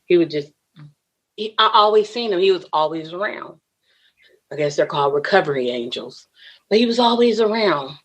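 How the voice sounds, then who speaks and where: A woman's voice: lowish voice, lively intonation, moderate pace, long pauses. A woman, a podcast guest, earnestly telling a personal story and laughing often between lines.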